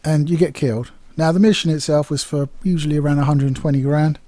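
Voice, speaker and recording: A man's voice: on the high side, fairly even intonation, fast talker, mellow, dry recording. A man giving a casual, candid video game review, chatty and rambling with plenty of fillers.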